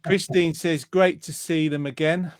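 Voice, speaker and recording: Chatty male host, fairly high, dry sound. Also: steady tone, a little slow, no room sound. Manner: chatty, reads out viewer comments with fillers. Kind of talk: casual online show chat. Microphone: video call.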